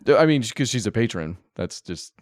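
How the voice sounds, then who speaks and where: A man's voice: fairly low pitch, sing-song, normal speed, no echo, studio quality. A man co-hosting a podcast, chatting casually and enthusiastically about a film, rambling a little with restarts. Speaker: podcast co-host.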